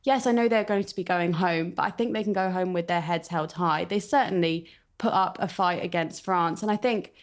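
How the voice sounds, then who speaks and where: A woman's voice: fairly low pitch, normal speed, hardly any pauses. Earnest woman analysing football. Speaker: football pundit. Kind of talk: casual football chat.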